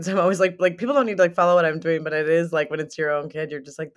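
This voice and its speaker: A woman in her late thirties from Southern Minnesota, chatting as a podcast guest in an energetic, talkative way with frequent laughs and fillers. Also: sits low, fast. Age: 30s. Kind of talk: casual podcast interview.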